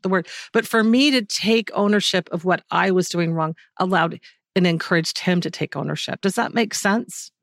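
Thoughtful woman guest, lowish voice. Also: moderate pace, no room sound, clean studio sound. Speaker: guest author. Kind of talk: reflective interview talk.

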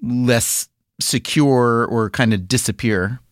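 Measured man asking probing questions. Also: mid-range voice, no room sound, clean studio sound. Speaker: interviewer, host. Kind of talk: conversational interview.

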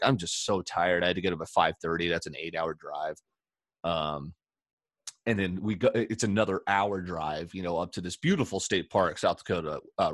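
A man's voice: low-pitched, fairly bright tone, no room sound, studio quality. A man hosting a casual podcast, telling long rambling stories with filler words and laughs. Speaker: podcast host. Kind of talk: casual storytelling chat.

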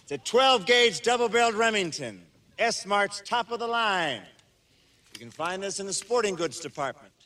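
A man's voice: high-pitched, expressive, normal speed, pushed and bright. An actor playing a cocky, swaggering male hero, showing off with salesman bravado in film dialogue. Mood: boastful. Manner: boastful, showman-like delivery.

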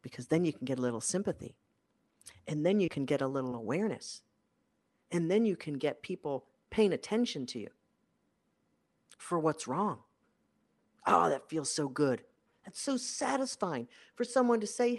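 In an animated voice at a moderate pace, a career coach delivers an emphatic motivational monologue. Key phrases come back again and again, and pitch and loudness swing widely.

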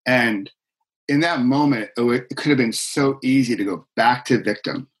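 A man's voice: medium pitch, moderate pace, husky, rough recording. A middle-aged man, a guest executive coach, telling his story in an earnest, heartfelt way with many fillers. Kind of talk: conversational storytelling.

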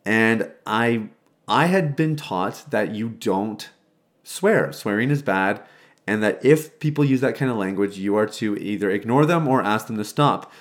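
A man's voice: fairly low pitch, animated, unhurried. A man in his thirties telling a personal recovery story in a reflective, conversational way, with frequent restarts, recorded in his old childhood bedroom. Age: 30s. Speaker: faith-based recovery speaker.

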